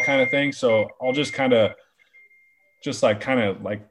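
A man's voice: mid-range voice, fairly even intonation, moderate pace, noisy background. A young man, a ballplayer guest, chatting casually in a laid-back, rambling way with lots of restarts. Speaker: baseball player guest. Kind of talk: casual interview chat.

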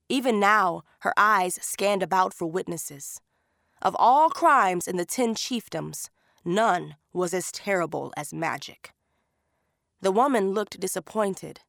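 A woman narrating an audiobook story in an unhurried, measured way. Her voice sits fairly low and has a gravelly edge. The recording is dry and close. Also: fairly bright tone, no echo.

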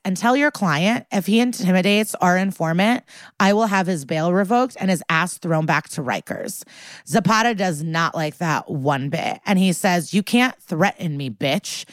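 A woman's voice: fairly low pitch, no echo. A woman co-hosting a podcast, recapping a TV episode in casual chat and acting out the characters' lines as she goes. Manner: animated, acts out the characters' lines. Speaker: podcast co-host.

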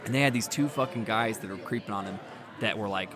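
A man's voice: lowish voice, fast talker, a crowd in the background. Guy rambling thru a story, swears a lot, laughs, people talking in the background. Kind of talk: casual storytelling chat.

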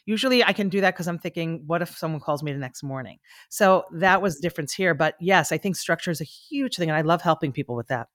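A woman's voice: sits low, fast talker, fairly bright tone, dry recording. Earnest woman in a dry podcast interview. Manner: reflective, earnest, with frequent restarts. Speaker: guest, stage actor and coach.

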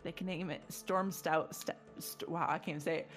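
A woman co-hosting a casual gaming podcast, bubbly and quick to laugh. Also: on the low side, fairly even intonation, soft background music. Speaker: podcast co-host.

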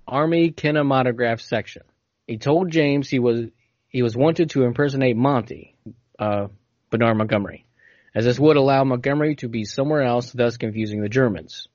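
A man's voice: mid-range voice, normal speed, darkish tone, dry recording. A man hosting a casual podcast, telling a story and reading passages aloud, stumbling now and then over hard words. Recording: dull, dry lo-fi audio.

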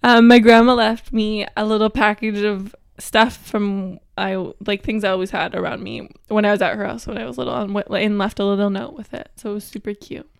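A woman's voice: medium pitch, steady tone, fairly quick, creaky, few pauses, clear, resonant tone, no room sound, clean studio sound. A young woman co-hosting a podcast, telling stories in a chatty way with lots of fillers and giggles. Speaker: podcast co-host. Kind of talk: casual chat.

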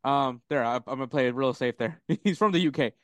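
A man's voice: medium pitch, fairly quick, no echo. A man co-hosting a podcast, rambling casually about soccer, swearing freely and laughing often. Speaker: podcast co-host.

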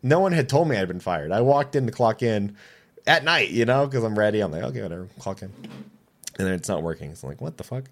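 Low-voiced man in his twenties telling stories. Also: fast talker. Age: 20s. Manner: animated, acts out quoted dialogue, swears freely. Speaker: podcast guest. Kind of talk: casual storytelling.

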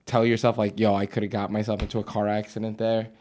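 A man's voice: fairly low pitch, level tone, fast talker, darkish tone. A man guesting on a podcast, rambling and joking in casual chat.

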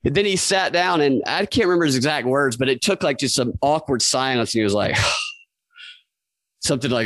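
A man's voice: on the high side, lively intonation, fairly quick, a bit bright, no room sound, poor audio. A man co-hosting a podcast, telling a story in a rambling, casual way and swearing freely. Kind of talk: casual chat.

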